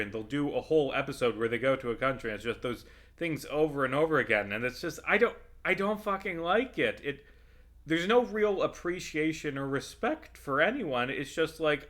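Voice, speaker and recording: A man's voice: on the high side, fairly bright tone. A man rambling through casual commentary while playing a video game, swearing freely and swinging into heated rants.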